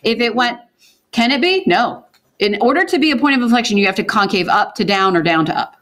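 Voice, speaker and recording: Brisk woman teaching a math class. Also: fairly high pitch, animated, fairly bright tone. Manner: brisk, asks the class questions and answers them. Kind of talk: classroom lecture with questions to students.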